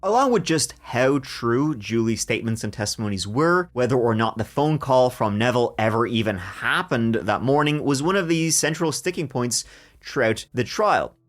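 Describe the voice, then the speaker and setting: Lively man narrating true crime. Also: mid-range voice, normal speed. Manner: lively storytelling with jokes. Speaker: podcast host.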